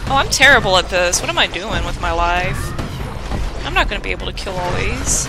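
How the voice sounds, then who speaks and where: A woman's voice: mid-range voice, animated, brisk, music in the background. A woman giving live gameplay commentary as a let's play host, exclaiming and mocking her own mistakes.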